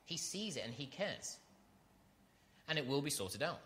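A man's voice: a little high, sing-song, normal speed, a bit bright. A man preaching an earnest sermon, reading scripture and building to emphatic repetition.

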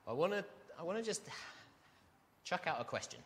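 A man's voice: on the high side, sing-song, normal speed, a little hiss or hum. A man preaching a sermon, talking conversationally and asking his listeners questions. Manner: conversational, asks the congregation questions.

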